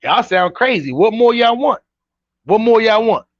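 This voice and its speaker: Animated high-voiced man reacting to clips. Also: measured pace, muffled recording. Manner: animated, incredulous, talks straight to chat. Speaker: commentary host reacting to clips. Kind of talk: casual reaction commentary.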